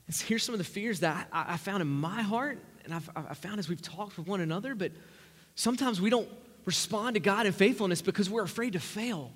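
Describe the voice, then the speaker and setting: A man preaching a sermon, emphatic, swinging from loud rising lines to quiet low asides. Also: big-room sound.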